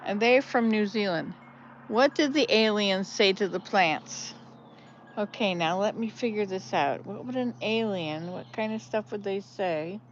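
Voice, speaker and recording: An older woman, a grandmother, chatting casually and telling jokes on her vlog, laughing loudly at the punchlines. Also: medium pitch, unhurried, lo-fi sound, a little hiss or hum. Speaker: vlogger. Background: birdsong.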